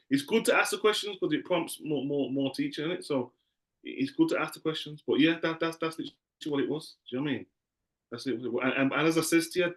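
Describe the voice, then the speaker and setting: A man teaching a class in a loose, conversational way, often repeating himself. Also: on the high side.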